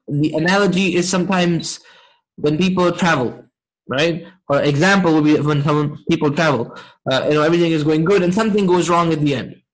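A man teaching a Quran and Arabic lesson, checking in with his class often and reciting verses quickly. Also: on the high side, rough recording. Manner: asks the class frequent check-in questions, many fillers. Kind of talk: interactive online class lesson.

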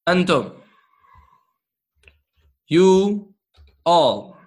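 Slow-paced encouraging male teacher. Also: sits high, very animated, a little mellow. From Canada. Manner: slow, encouraging, quizzes the class with quick praise. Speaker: Arabic teacher. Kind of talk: interactive grammar lesson.

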